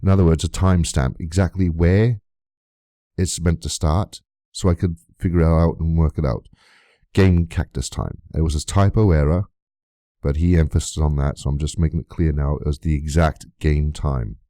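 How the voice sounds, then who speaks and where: A man's voice: very deep voice, steady tone, normal speed, mellow, no echo, clean studio sound. A man giving a vlog rebuttal, reading out old messages and asking again and again where the abuse is, indignant and swearing freely. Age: adult, long friendship of nearly twenty years. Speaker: YouTuber.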